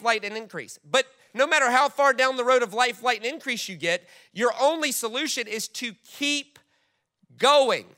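A man's voice: very high-pitched, bright, forceful tone. A man preaching a sermon, emphatic and direct, reading scripture aloud to his congregation. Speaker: pastor.

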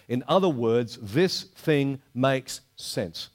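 An older man preaching a sermon to a congregation, animated, slowing down to stress quoted verses. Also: medium pitch. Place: church hall before a live congregation.

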